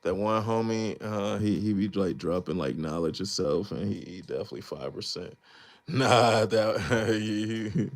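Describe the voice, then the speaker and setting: A man's voice: on the low side, measured pace. A man in his thirties chatting casually on a live stream about making beats, rambling in a laid-back, slangy way and laughing often. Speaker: beatmaker streamer.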